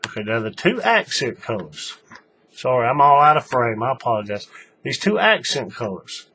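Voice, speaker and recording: A man's voice: mid-range voice, sing-song, normal speed, bright, forceful tone, a little hiss or hum. A man giving a casual, folksy hands-on craft tutorial, talking while he works. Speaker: paracord tutorial maker.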